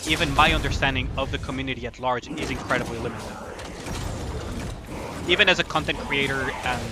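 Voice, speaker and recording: Guy streamer rambling casually while gaming, keeps asking right?, music going in the background. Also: mid-range voice. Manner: rambling, repeats "right?" and "at the end of the day". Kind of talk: casual chat while playing a game.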